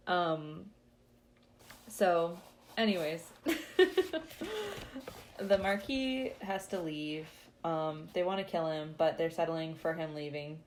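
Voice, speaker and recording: A woman with a slightly low voice talks through a story recap in a loose, chatty way. She laughs easily and fills her sentences with "like" and "um". It sounds like an easygoing conversation rather than a reading. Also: fairly even intonation, takes it slowly, darkish tone, a little hiss or hum. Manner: chatty, laughs often, says "like" a lot. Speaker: podcast host. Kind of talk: casual chapter recap.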